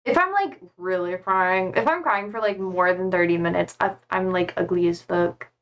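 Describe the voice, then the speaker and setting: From home, a woman live-streams into a desk mic in a lowish voice at a moderate pace, the recording muffled. She chats casually, rambles with lots of fillers, and reads viewer comments aloud.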